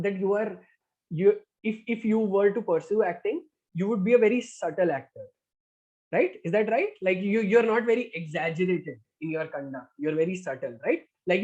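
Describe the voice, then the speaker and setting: A man's voice: high-pitched, a little mellow. Encouraging man hosting a group activity. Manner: chatty, encouraging, frequent "all right" fillers. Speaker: activity host. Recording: dull lo-fi call audio.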